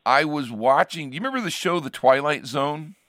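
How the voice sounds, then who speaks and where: A man's voice: a little high, expressive, fairly quick, sharp tone, no room sound, clean studio sound. A man hosting a radio program as a pastor, chatting casually and rambling with frequent restarts. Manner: rambling, restarts sentences often. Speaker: radio show host, pastor.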